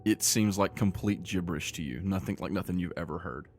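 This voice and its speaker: A man narrating as game master of a tabletop game, describing scenes in a measured way with frequent restarts. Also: low-pitched, soft background music.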